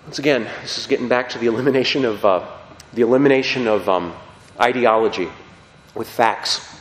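A man preaching a sermon with emphatic, animated delivery, often checking in with his listeners. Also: medium pitch, brisk. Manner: animated, emphatic, frequent "okay?" check-ins. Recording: roomy hall with long reverb.

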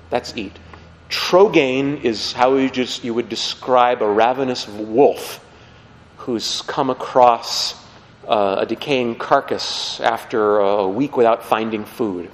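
A man preaching a lively, conversational sermon, acting out the people he quotes. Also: mid-range voice. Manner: animated, conversational, acts out quotes. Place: church. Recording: long hall reverb.

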